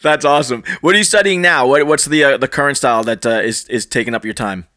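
Bright-voiced man asking interview questions. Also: mid-range voice. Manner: enthusiastic, quick affirmations. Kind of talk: casual interview conversation.

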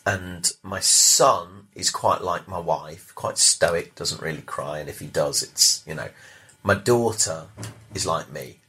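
A middle-aged man chatting as a podcast guest, telling stories with loud bursts and quiet asides. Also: sits low, slow pace, husky. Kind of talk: casual chat.

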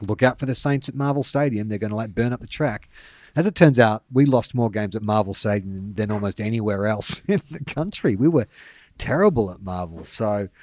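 A young Australian man co-hosting a casual sports podcast, self-mocking, laughing often and trailing off with fillers. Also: fairly low pitch. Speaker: podcast co-host.

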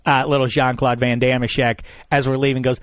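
A man in his thirties hosting a radio talk show, telling a story in a lively, sarcastic way. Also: mid-range voice, brisk, no echo, studio quality. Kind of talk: casual storytelling chat.

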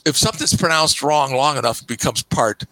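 An older man chatting as a podcast guest, telling stories emphatically with frequent "okay"s and sudden jumps in pitch. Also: expressive, brisk, pushed and bright, low-quality recording. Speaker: podcast guest, camera magazine publisher. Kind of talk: casual podcast chat.

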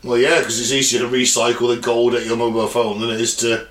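A man's voice: medium pitch, monotone, quick pace, fairly bright tone. A man co-hosting a podcast, joking and laughing often in casual banter. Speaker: podcast co-host. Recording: roomy sound, mic at a distance.

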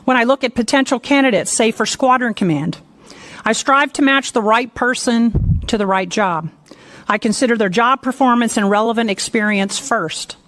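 A woman, a senior military officer, giving formal prepared testimony in a measured, deliberate way. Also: on the high side, fairly bright tone.

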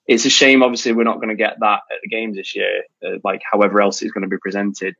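A man from the UK telling animated stories as a podcast guest, with quick restarts. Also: lowish voice, vocal fry, slightly rough, no room sound, muffled recording. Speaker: guest, charity founder. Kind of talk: casual podcast chat.

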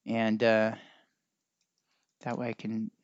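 A man's voice: on the low side, monotone, slow pace, no echo, highs cut off. A man hosting a podcast, talking in a loose, musing way and wandering off to look things up as he goes. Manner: rambling and musing, looks things up mid-talk. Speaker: podcast host. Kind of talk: casual spoken podcast talk.

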